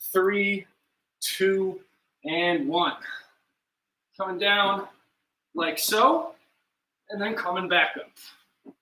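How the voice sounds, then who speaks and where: A man's voice: high voice, pushed and bright. A young man leading a live bodyweight workout, chatty and self-deprecating as he counts down reps and demonstrates moves. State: out of breath at times. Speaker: fitness instructor. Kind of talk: live workout class instruction. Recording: echoey room, mic at a distance.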